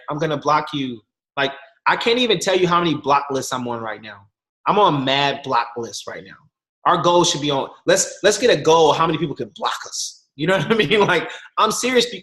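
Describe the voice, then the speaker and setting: A young man giving a casual motivational talk as a guest speaker, telling stories with voiced quotes. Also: high-pitched. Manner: animated storytelling with voiced quotes, slangy.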